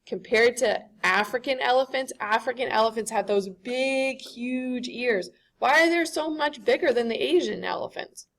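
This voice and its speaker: A woman's voice: fairly high pitch, normal speed, hardly any pauses, fairly bright tone. A woman giving a classroom lecture, conversational and often checking in with the students.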